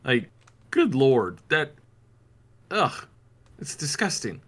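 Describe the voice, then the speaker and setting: A man's voice: a little high, big pitch swings, slow, a bit bright. A man co-hosting a gaming podcast, ranting sarcastically and sounding exasperated in casual chat. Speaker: podcast co-host.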